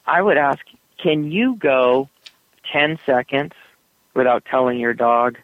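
A man being interviewed as an author, telling stories with frequent laughs and lively shifts in tone. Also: slow, dry recording. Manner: animated storyteller, laughs often, puts on high doggy voices. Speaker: author guest. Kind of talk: interview over the phone. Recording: tinny phone line.

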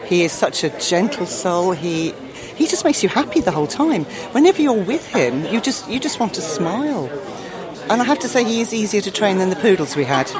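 A woman's voice: mid-range voice, very animated, fairly quick, a crowd in the background. A middle-aged woman, a dog owner being interviewed, talking with gushing enthusiasm. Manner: enthusiastic, gushing, acts out voices. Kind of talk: casual interview chat. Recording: busy crowded exhibition hall.

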